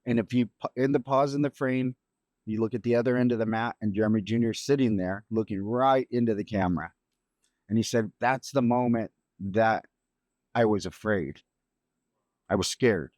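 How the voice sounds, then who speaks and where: A middle-aged man, a grieving father, telling a personal story on a podcast in a halting, reflective way with many restarts. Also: fairly low pitch, a little mellow, no echo. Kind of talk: emotional storytelling.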